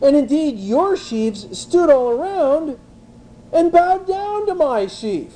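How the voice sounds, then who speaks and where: A man's voice: very high voice, very animated, slow pace, warm tone, voice pushed up, heavily acted, low-quality recording. A man voicing a naive, boastful teenage boy who eagerly brags about his dreams, in a sermon. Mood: eager bragging. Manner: eager, breathless bragging.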